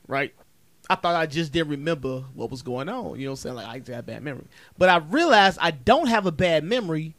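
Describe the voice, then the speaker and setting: A man with a slightly high voice holds forth in a loose, profane podcast chat. He circles around his point and leans on it for emphasis. The sound is dry and close, with no room around it. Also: fairly bright tone, no echo. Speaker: comedian podcast co-host.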